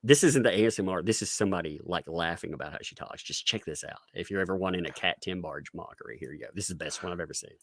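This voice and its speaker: A man's voice: deep voice, racing, few pauses, no room sound, studio quality. A man hosting a live commentary stream in casual chat, laughing often and swearing in mocking asides. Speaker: commentary channel host.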